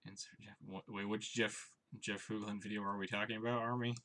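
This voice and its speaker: A young man commentating his own card game on a live stream, chatty and wry, thinking out loud. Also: lowish voice, little pitch movement, fairly quick, slight background noise.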